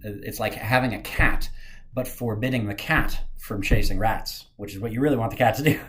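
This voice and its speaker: A man in his forties, a former lawyer, giving casual commentary on a legal case from his office, rambling and making jokey asides. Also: fairly low pitch.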